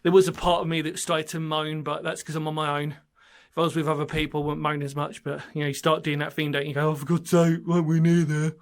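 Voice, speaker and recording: Alone in a small underground brick bunker in the woods, a man rambles enthusiastically to his channel viewers in a casual exploring vlog. His voice sits on the high side with a level tone and a fairly bright quality. He talks fast and barely pauses.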